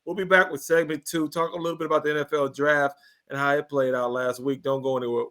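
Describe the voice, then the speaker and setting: A man's voice: a little high, little pitch movement, quick pace, fairly bright tone. A man with a Missouri accent hosting a casual sports talk show, joking and teasing his co-hosts.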